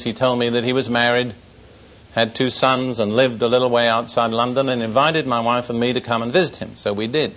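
Older preacher telling a wry war story. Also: male voice, medium pitch, a bit bright. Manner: storytelling, dry humor, earnest warnings. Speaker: pastor. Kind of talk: sermon testimony. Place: church service before an audience. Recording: dull lo-fi recording.

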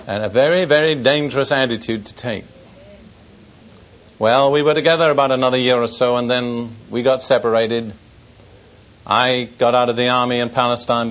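An older male pastor preaches to a gathered congregation, weaving a personal wartime story with dry wit before turning to solemn warnings. His voice sits at a middle pitch. The recording is dull and lo-fi. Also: fairly bright tone. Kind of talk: sermon testimony. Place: church service before an audience.

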